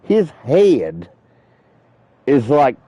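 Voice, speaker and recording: Man, gaming streamer, casual profane storytelling, animated pitch, dry muffled sound. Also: very slow, no echo. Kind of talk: casual chat while playing.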